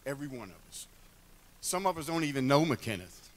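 A man's voice: medium pitch, very animated, a little fast. An older man giving a heartfelt church address, telling folksy stories with humor. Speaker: church member speaking at a retirement celebration.

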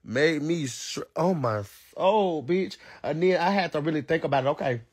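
A young man telling a gossipy story on a livestream, dramatic, with sudden high shrieks and whispers. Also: lively intonation, normal speed, darkish tone, breathy edge, no echo. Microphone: phone.

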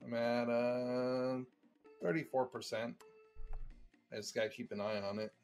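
A man's voice: mid-range voice, little pitch movement, measured pace, a little mellow, soft background music. A man playing a strategy game in co-op, chatting casually and laughing often. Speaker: co-op gamer. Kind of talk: casual gameplay chat.

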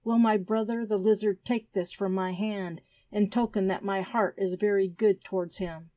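A woman voicing a resolute young frontier woman who speaks quietly and firmly in an audiobook. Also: medium pitch, fairly even intonation, normal speed, no echo, natural voice. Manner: quiet and firm. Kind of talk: audiobook character reading.

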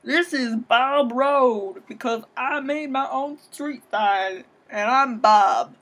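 A woman voicing an uneducated rural man with a put-on Southern American accent, speaking slowly and proudly. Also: high-pitched, a bit bright, exaggerated voice. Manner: proud, slow, simple-minded. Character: uneducated rural man, Southern drawl, homemade street sign.

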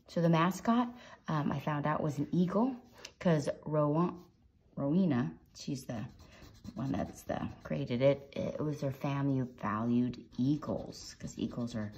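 A woman's voice: sits low, gravelly, a little mellow. A woman hosting a drawing tutorial, chatty and encouraging, with playful little sound effects while she sketches. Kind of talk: casual drawing tutorial narration.

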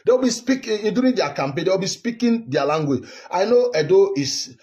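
This Edo State man, a Nigerian in his fifties who vlogs political commentary, delivers an indignant rant directly to camera. His voice sits high and is expressive with a darkish tone, moving at a moderate pace, and he's heated and repetitive throughout.

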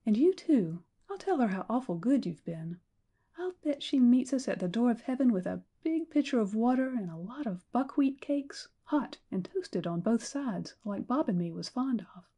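A small girl of about five, earnest and childlike, dropping her grammar in a rustic way, as a woman reads her. The voice sits high and mellow. It comes from a storybook reading. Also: lively intonation, moderate pace, slightly rough. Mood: eager.

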